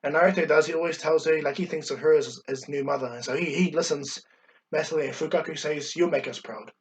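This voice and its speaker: A man's voice: on the high side, steady tone, fast talker, far from the mic, slight background noise. A man casually retelling a fan-made story, rambling with many fillers and restarts.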